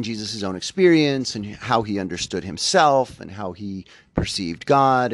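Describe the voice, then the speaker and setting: Man, podcast host, reflective spiritual talk, middle pitch, self-correcting, dry sound. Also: dry recording. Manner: thoughtful, self-correcting, conversational.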